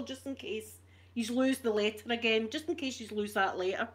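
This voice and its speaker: A woman's voice: on the high side, lively intonation, fast, husky. A Scottish woman chatting on an ASMR live stream, ranting with animation and swearing freely. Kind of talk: casual live-stream chat.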